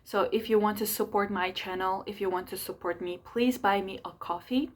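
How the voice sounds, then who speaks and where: A young woman astrologer and channel host, talking fast and energetically in a chatty monthly horoscope video, with many fillers. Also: mid-range voice. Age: young adult. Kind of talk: fast casual monthly horoscope talk to camera.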